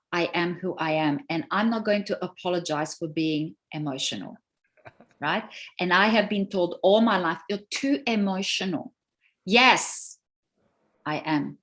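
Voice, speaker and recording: Woman coach, interview guest, animated and emphatic delivery. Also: on the low side. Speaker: relationship coach. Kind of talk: interview conversation.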